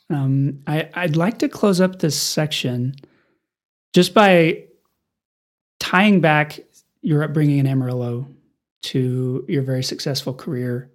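A man hosting a podcast from his home studio, asking relaxed conversational questions and reading sponsor spots. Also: on the high side. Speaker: podcast host. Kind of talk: interview and sponsor read.

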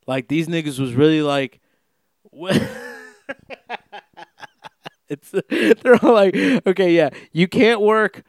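A man's voice: a little high, unhurried, clean tone. A man chatting casually in a rambling, profane way, laughing through his story. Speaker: vlogger. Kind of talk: casual chat. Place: Los Angeles.

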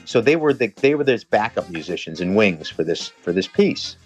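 Animated swearing man telling stories. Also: on the low side, moderate pace, breathy edge, soft background music. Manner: animated, swearing, lively anecdotal storyteller. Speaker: personal trainer telling a story. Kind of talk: casual storytelling chat.

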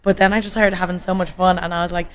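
A woman's voice: lowish voice, level tone, fast talker. A woman from Dublin with a Dublin Irish accent, chatting casually and peppering her talk with "like". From Ireland. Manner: chatty, full of "like" fillers. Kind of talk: casual chat. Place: bar by a window.

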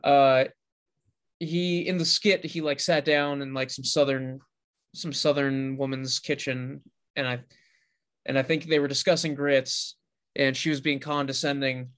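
A man's voice: mid-range voice, level tone, a little slow, a bit bright. A man co-hosting a podcast in casual chat, with a dry, sarcastic sense of humor. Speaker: podcast co-host.

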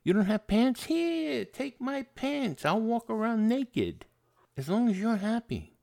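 An overeager fellow who would give away the shirt off his back, as a podcast host puts him on. He speaks in a high, bright voice that bounces all over the place. Everything he says comes out eager and keen to please. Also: big pitch swings, unhurried, vocal fry, full character voice. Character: overeager, giving-to-a-fault man.

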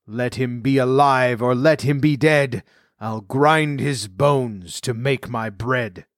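A man voicing a huge, greedy man-eating giant in a storybook reading, booming and demanding. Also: slow pace, no room sound, clean studio sound, natural voice.

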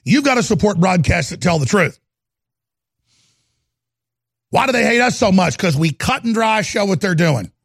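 Ranting gravelly-voiced male radio host. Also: high-pitched, lively intonation, brisk, no room sound, clean studio sound. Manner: heated, ranting, repetitive. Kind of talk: angry political talk radio monologue.

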